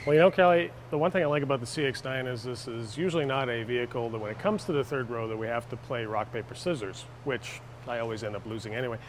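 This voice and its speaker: A man's voice: medium pitch, fast, hardly any pauses, slight background noise. A man with a Canadian accent co-hosting a car review, bantering and joking as he shows the vehicle. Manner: jokey, animated asides.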